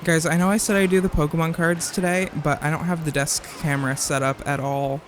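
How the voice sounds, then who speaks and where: A man's voice: fairly high pitch, flat delivery, brisk, a bit bright, soft background music. A man live-streaming a game in casual chat, reading viewers' messages aloud and arguing back with plenty of swearing and rambling restarts.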